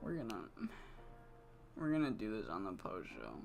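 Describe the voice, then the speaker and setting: A woman streaming a wrestling management game, swearing freely and swinging between quiet muttering and frustrated outbursts. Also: a bass voice, wildly swooping pitch, normal speed, vocal fry, faint music behind. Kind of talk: live-streamed gameplay commentary.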